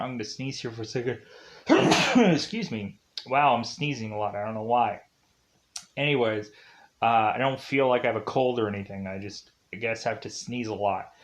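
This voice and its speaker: A young man casually recapping a movie's plot, rambling with lots of "like" and "uh" fillers. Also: medium pitch. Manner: rambling, heavy use of "like" and "uh".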